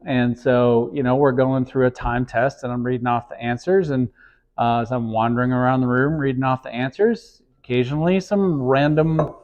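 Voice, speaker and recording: A man's voice: mid-range voice, steady tone, normal speed, darkish tone, muffled recording. A man co-hosting a casual podcast, teasing his partner and trading puns. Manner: wisecracking, teasing, punning. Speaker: podcast co-host, real estate agent.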